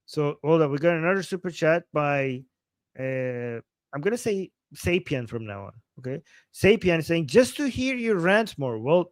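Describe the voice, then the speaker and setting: Ranting profane livestream host, dry sound. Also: male voice, on the high side, no echo. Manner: ranting, emphatic, profane, repeats phrases for force. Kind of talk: heated political livestream talk.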